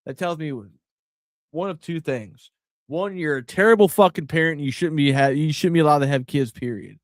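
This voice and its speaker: Middle-aged male podcast host, blunt and profane, heated delivery, slightly high voice. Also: a little fast, no echo, studio quality. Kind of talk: casual podcast commentary.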